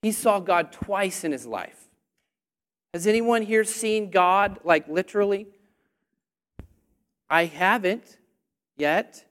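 High-voiced energetic male preacher. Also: slow pace, pauses often. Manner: energetic, call-and-response, rising to near shouting. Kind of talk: sermon.

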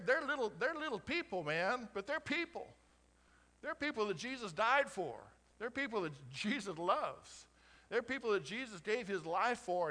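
A middle-aged pastor from Colorado with a slight Oklahoma twang, preaching conversationally and climbing to emphatic peaks. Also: male voice, high voice, sharp tone. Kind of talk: sermon.

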